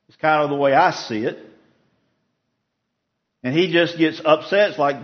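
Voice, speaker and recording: Male preacher, slightly high voice, casual teaching tone, muffled low-fi church recording. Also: moderate pace. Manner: conversational, asks the group questions. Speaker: preacher leading a Bible study. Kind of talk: casual evening Bible teaching.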